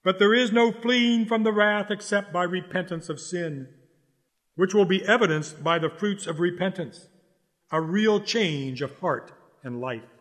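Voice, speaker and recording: A man preaching a sermon in an urgent, exhorting way, repeating key lines slowly for stress. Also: sits high, fairly bright tone, long reverb tail.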